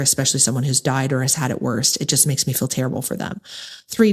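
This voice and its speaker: Woman, middle-aged, American accent, low voice, podcast host, candid, earnest, direct address. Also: a little mellow. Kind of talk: personal monologue to listeners.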